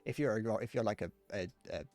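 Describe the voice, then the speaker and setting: A man's voice: fairly low pitch, fast, a little mellow, soft background music. A young man with a Northern Irish accent, chatting casually with viewers as a livestreamer, rambling and laughing at his own jokes. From Northern Ireland. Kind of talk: casual chat to viewers while gaming.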